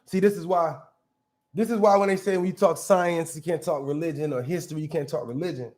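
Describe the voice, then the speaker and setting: A man's voice: on the high side, steady tone, brisk, darkish tone. A man hosting a casual commentary show, arguing bluntly and with profanity as he reacts to clips, often restarting his sentences. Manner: blunt, profane, argumentative, restarts mid-thought.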